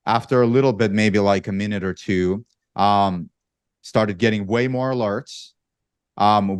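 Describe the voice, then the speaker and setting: A man with a lowish voice tells a work story in a relaxed, meandering way, full of ums and small restarts. The sound is dry and close, with no room echo. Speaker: panel guest. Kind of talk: casual storytelling.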